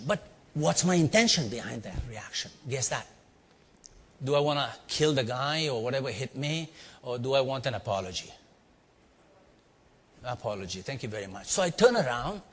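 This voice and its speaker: A man from India with an Indian accent, telling a story to a live audience and quizzing them with quick asides. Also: medium pitch, slightly rough. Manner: animated, quizzing the audience with "yeah?" and "right?". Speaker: leadership speaker. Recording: long hall reverb.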